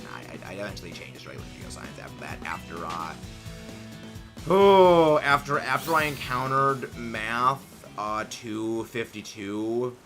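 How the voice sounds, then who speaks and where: Excitable bright-voiced young man streaming. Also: on the low side. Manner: excitable, rambling, enthusiastic. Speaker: livestream host. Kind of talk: casual livestream chat, reading chat messages.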